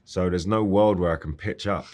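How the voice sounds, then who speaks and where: A man in his thirties, an actor guest with a deep voice, talking thoughtfully in an interview and sometimes trailing off. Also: normal speed. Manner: thoughtful, relaxed, trails off mid-sentence. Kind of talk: casual interview chat.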